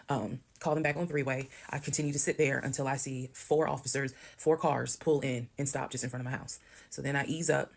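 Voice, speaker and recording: Woman telling a long personal story, quick, a bit gravelly, calm. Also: extremely low pitch. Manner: calm, detailed, quoting others. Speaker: storyteller in a video.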